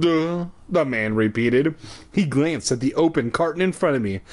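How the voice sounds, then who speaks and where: A man's voice: a little high, animated, unhurried. A man reading a children's horror book aloud for laughs, drinking as he goes and breaking off for profane, mocking asides. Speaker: reader. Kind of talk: comedic read-aloud of a kids' horror book.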